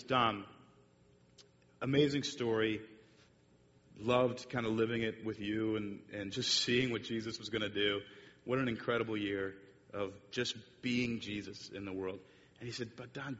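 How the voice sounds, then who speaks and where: Man telling a story in an echoey hall. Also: fairly bright tone. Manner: rambling, with many fillers and restarts. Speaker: speaker giving a church talk with slides. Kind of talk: storytelling sermon. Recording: muffled echoey hall recording with faint rumble.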